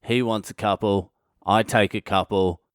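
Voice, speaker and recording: Aussie guy ranting through a mad party story, swears a lot, smooth clear voice, dead dry sound. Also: lowish voice, moderate pace, no echo. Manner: sweary, animated anecdote-telling. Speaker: comedian podcast host. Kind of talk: casual storytelling monologue.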